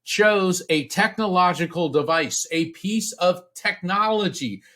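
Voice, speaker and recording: A middle-aged man from Central Florida, a podcast guest telling a personal story in an earnest, halting way, with restarts, acting out the voices he quotes. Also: sits high, bright, forceful tone. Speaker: podcast guest, psychic medium. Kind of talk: storytelling in a casual interview.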